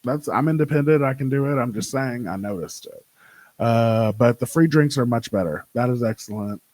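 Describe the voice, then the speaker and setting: A young man hosting his own show, chatting casually with a sassy, profane, animated way of telling stories. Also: medium pitch, moderate pace, no room sound, rough recording. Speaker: podcast host. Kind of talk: casual solo chat.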